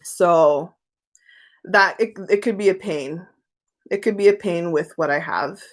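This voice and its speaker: A woman's voice: lowish voice, measured pace. A young woman chats loosely on her live stream about tarot, reading out viewer questions as they come in. She answers frankly and easily, like she is talking with friends. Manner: chatty, candid, reads viewer questions aloud and answers them.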